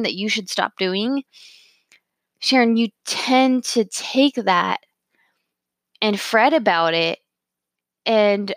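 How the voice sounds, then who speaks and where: A woman's voice: mid-range voice, no room sound. A woman talking casually and reflectively, full of fillers and asides where she quotes herself. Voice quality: chatty, many fillers, quoting herself in asides. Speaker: speaker reflecting on a Bible verse. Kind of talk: casual personal talk.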